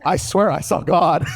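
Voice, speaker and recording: A young man from Mexico performs stand-up, telling lively stories from a stage. His voice sits fairly high for a man. He leaps up in pitch whenever he acts out the people in his tales. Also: gravelly, husky. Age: young adult. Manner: animated storytelling, acting out others' voices with big pitch jumps. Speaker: stand-up comedian. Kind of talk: stand-up comedy set. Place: comedy stage before a live audience.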